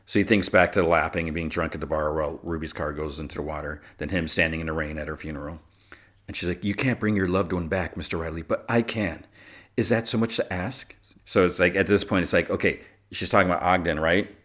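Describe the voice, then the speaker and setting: A man's voice: sits low, steady tone, fast talker, a bit bright. A man hosting a podcast, casually recapping a TV episode and quoting the characters' lines in his own voice. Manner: retells scenes, quoting lines in his own voice, with fillers and laughs. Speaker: podcast host.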